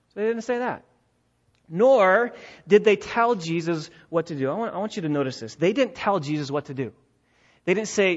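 High-pitched guy preaching, repeats himself, gets loud then drops real quiet, dull muffled recording. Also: moderate pace. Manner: emphatic preaching, swinging between loud build-ups and hushed drops; repeats phrases for emphasis. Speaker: pastor. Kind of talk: sermon.

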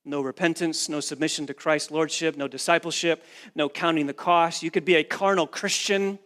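Man, pastor, sermon, emphatic, repetitive phrasing, somewhat high pitch. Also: fairly even intonation, normal speed, a bit bright. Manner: earnest, emphatic preaching with repeated phrases.

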